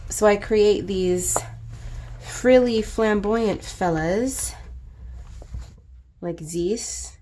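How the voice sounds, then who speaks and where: A woman's voice: medium pitch, very slow, pauses often, warm tone, slight background noise. A congested woman hosting a coloring video, chatting casually in a playful, rambling way with plenty of swearing. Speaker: coloring book artist and host. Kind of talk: casual chat while coloring.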